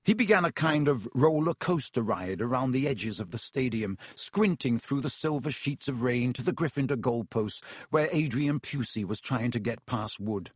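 Husky-voiced male audiobook narrator. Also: medium pitch, normal speed, dry recording, studio quality. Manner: steady storytelling, doing character voices. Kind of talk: scripted narration.

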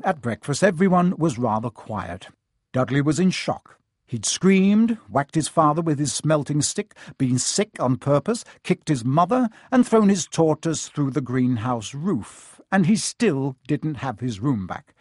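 A man narrating a story in a measured, expressive storytelling manner. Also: fairly high pitch, no echo, clean studio sound. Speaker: audiobook narrator.

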